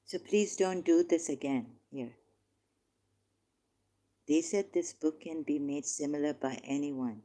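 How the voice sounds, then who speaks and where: In a heated religious debate, a woman with a low, warm voice stands firm, reading verses aloud and correcting her opponent repeatedly. She speaks at a measured pace, taking her time over each word and pausing often.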